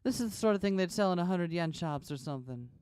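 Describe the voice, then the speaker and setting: Casting: woman playing an offhand young coworker, casual and quick. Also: fairly low pitch, expressive, dark tone, clean tone, no room sound, pitched below the performer's own voice, lightly acted. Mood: breezy.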